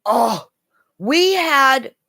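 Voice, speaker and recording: A middle-aged woman chatting casually with her live viewers, excitable, gasping and laughing often. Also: high-pitched, very slow. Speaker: livestream host. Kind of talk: casual live-chat stream.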